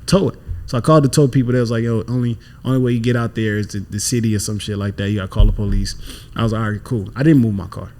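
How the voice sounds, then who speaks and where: Animated young man telling a story. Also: on the low side, very fast. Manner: animated storyteller, acts out quotes, swears freely. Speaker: podcast guest. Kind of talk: casual storytelling.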